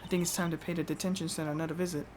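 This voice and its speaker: A woman streamer reacting loudly and excitedly to a game, with casual swearing and frequent laughter. Faint ambient noise sits under her voice. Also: low-pitched, racing. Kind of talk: live game playthrough commentary.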